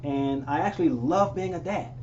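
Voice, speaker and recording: A man's voice: fairly high pitch, normal speed, a little mellow, recorded from a distance, dull audio, a little hiss or hum. A man interviewing his grown son, often laughing as he tells stories and acts out voices in quotes. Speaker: interviewer and father. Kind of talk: unscripted conversation.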